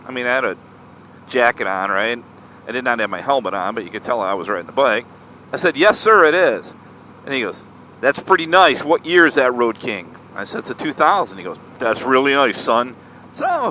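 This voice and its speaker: A man casually telling a story to his vlog audience, chatty and animated, often tossing in "right?". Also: on the high side, slight background noise. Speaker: motorcycle vlogger.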